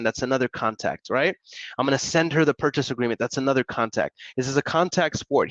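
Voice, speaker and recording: A man's voice: mid-range voice, no echo, lo-fi sound. A man, a real estate investor and coach, talking energetically on a live stream with casual slang and repeated motivational points. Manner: energetic, repetitive, hype-coach delivery; casual slang, chatty asides to viewers.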